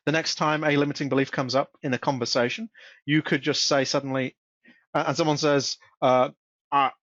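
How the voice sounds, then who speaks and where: A man presenting a casual webinar on self-help. He often stumbles, repeats his words and restarts his sentences, and he reads example sentences in a flat voice. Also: a little high, dry recording. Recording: dull, dry close-mic recording.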